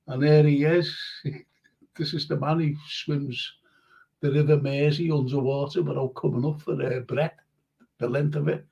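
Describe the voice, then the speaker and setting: A man hosting a live fan show in casual chat, talking warmly with guests, laughing often and reading viewer comments aloud. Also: a little high, fairly even intonation, moderate pace, gravelly. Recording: muffled lo-fi live-stream audio.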